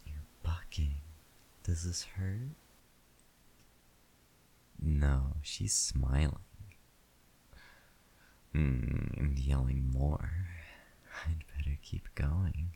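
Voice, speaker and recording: A man in a whispered role-play, talking slowly and intimately to the listener in a breathy whisper broken by moans. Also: very deep voice, dark tone, slight background noise. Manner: slow, intimate, second-person address. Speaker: erotic audio performer.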